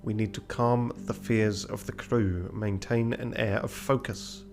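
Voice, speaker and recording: A man voicing a calm, measured male ship officer who speaks slowly and softly. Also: fairly low pitch, vocal fry, music in the background.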